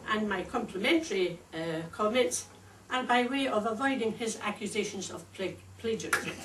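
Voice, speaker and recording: An older woman with a Scottish accent gives a prepared, gently humorous speech, her delivery wry and deliberate. Her voice sits at an ordinary pitch for a woman. She is recorded from some distance in an echoey room with a faint hiss underneath. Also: animated. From Scotland. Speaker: speakers club contestant. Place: club meeting room.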